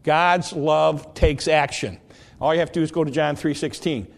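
A man preaching a sermon, slow and deliberate, drawing out the scripture he quotes. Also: a little high, steady tone, gravelly. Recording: long hall reverb.

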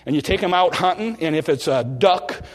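A man preaching a sermon from the pulpit in a folksy, animated way, often restarting phrases and slowing down for drama. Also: fairly high pitch. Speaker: pastor. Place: church sanctuary. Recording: long reverb of a large hall.

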